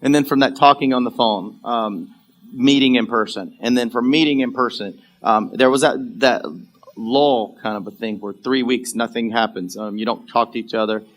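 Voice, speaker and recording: A man with a bright, forceful voice preaches from a church pulpit, telling a story from his own life. He talks casually, with plenty of ums, and acts out the people in his tale. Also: mid-range voice, normal speed. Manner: animated storyteller, acts out characters, laughs often. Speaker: pastor. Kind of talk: sermon storytelling. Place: church sanctuary.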